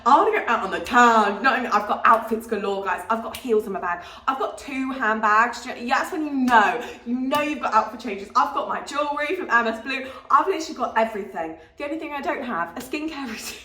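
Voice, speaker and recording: A woman's voice: fairly high pitch, lively intonation, fast talker, hardly any pauses, pushed and bright, reverberant. A young woman vlogging her travels, chatty and giggly, rambling between asides and upbeat narration. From Britain. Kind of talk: casual vlog chat and scripted travel narration.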